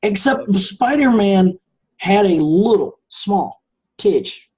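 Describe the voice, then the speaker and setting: Co-host, casual film chat, joking, teasing, mid pitch, crowd noise behind. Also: animated, takes it slowly, rough recording. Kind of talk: casual podcast film discussion.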